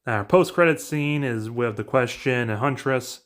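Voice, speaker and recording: A man casually narrating a plot recap in a brisk, offhand way. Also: mid-range voice, very noisy. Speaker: narrator pitching story ideas.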